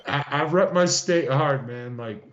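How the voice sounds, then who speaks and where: A man's voice: medium pitch, a little slow, a bit bright. Blunt man from Colorado, roomy muffled sound. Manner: blunt, loyal, swears freely. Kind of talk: casual table chat. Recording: roomy, muffled mic with faint hiss.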